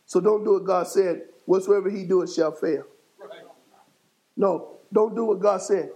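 Gravelly high-voiced preaching bishop. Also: male voice, fairly even intonation, measured pace, low-quality recording. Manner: fiery call-and-response preaching, rising to shouts. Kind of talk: sermon. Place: church sanctuary.

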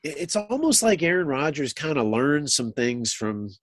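A man's voice: fairly high pitch, very animated, normal speed, dry recording. Man musing over football, dry sound. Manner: musing, thinks aloud with many restarts. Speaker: sports talk co-host. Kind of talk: casual sports chat.

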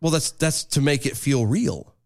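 A man co-hosting a casual comedic chat show, animated and jumping high in pitch for emphasis. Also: normal speed. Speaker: podcast co-host.

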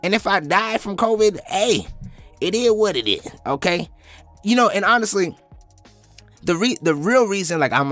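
A man in his twenties doing a profane comedic monologue as a podcast host, swinging up into high-pitched impressions. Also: a bit bright, no room sound. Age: 20s.

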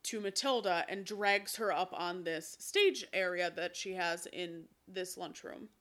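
A woman co-hosting a podcast, chatting casually as she recaps a film, telling it in an animated way and swearing freely. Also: lowish voice, measured pace. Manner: animated storyteller, acts out characters' lines. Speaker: podcast co-host.

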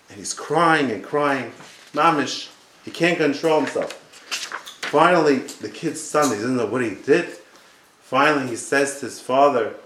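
A man preaches a sermon, telling a parable in an earnest, repetitive way and often restarting his sentences. His pitch sits in a plain middle range. The room gives a noticeable echo. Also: fairly bright tone. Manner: earnest storytelling with many restarts. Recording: roomy echo.

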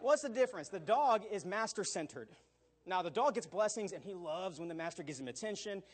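A middle-aged male pastor giving an animated sermon, often checking in with "all right?" and acting out quotes. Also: sits high, fairly quick. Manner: animated preaching with repeated "all right?" asides and acted quotes.

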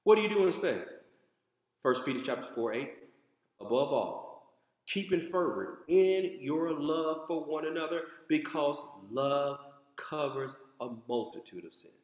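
A man from the United States preaching a sermon, lively and conversational, with asides to the congregation. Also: on the high side, measured pace. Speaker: pastor. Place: church sanctuary. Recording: echoey hall.

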